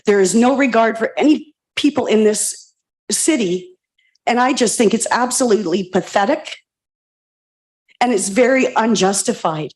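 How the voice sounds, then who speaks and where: A woman's voice: a little high, normal speed, darkish tone. A woman resident giving an emotional, passionate comment at a public planning meeting, repeating pointed questions into a standing microphone.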